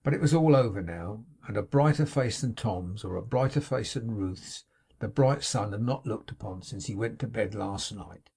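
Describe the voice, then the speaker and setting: Husky male audiobook narrator. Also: moderate pace. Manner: reads dialogue with lively raised pitch for excited characters. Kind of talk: scripted narration of a classic novel.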